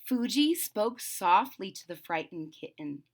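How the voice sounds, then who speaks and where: Slow, gravelly woman reading a storybook. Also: medium pitch, sing-song. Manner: slow, gently explaining the pictures. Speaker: storybook read-aloud host. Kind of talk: reading aloud a picture book.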